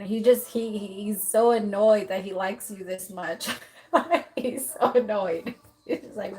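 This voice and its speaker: A woman's voice: medium pitch, moderate pace, poor audio. A woman doing a casual live tarot reading, talking loosely with lots of fillers and acting out what the man thinks. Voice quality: lively, voices the client's partner with swearing. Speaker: tarot reader.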